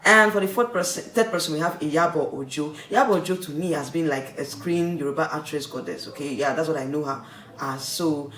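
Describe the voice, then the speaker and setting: Nigerian male vlogger, slightly high voice, rambling and chatty, recorded off-mic in an echoey room. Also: a bit bright. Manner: chatty, rambling, keeps tagging "okay?" and "like, seriously". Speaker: vlogger reviewing a reality show. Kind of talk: casual commentary. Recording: echoey room, distant mic, faint noise.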